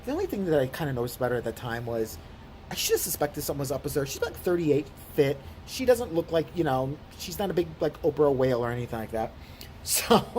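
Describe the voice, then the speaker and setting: A woman's voice: low voice, slight background noise. A woman vlogger telling a story as an indignant, profane rant. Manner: indignant, swearing, animated storytelling.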